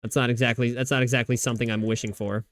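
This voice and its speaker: On a live stream, a man talks into a desk microphone at a racing clip in a medium-pitched, flat voice with little pitch movement. He rambles casually about football, restarting sentences often and swearing freely.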